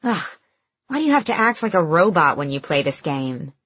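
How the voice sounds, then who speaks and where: A woman narrating an audiobook in the first person with lively, expressive storytelling. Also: sits low, moderate pace, slightly rough, no echo. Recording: dull dry studio recording.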